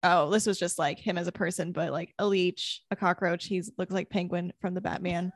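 A woman's voice: lowish voice, fairly even intonation, fairly quick, dry recording, clean studio sound. A woman co-hosting a casual podcast, wry and amused as she quotes her own notes. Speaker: podcast co-host.

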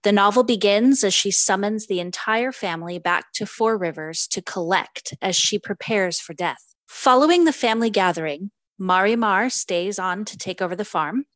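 A woman's voice: mid-range voice, no echo. Chatty woman podcast host, dry sound. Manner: chatty and giggly, with many fillers. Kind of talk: casual chat and reading a book synopsis.

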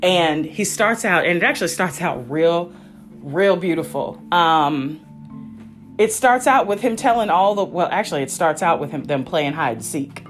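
A woman as the solo podcast host, deep voice, chatty and tangent-prone, faint music underneath. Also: lively intonation, normal speed. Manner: rambling, self-interrupting, chatty asides. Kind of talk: casual solo review chat.

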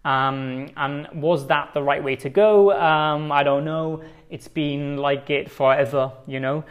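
A man's voice: a little high, fairly even intonation, slow pace. A man hosting a solo podcast, talking casually into his own microphone in a rambling, conversational way with lots of fillers. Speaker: podcast host.

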